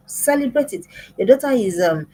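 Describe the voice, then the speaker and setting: Husky, emphatic woman coaching parents. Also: fairly high pitch, animated, moderate pace, warm tone, low-quality recording. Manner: repetitive, emphatic, preaching. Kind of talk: class for parents.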